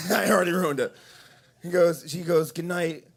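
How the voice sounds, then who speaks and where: A man's voice: a little high, unhurried, husky. A man doing open mic stand-up in a coffee shop, rambling and self-deprecating. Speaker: stand-up comedian.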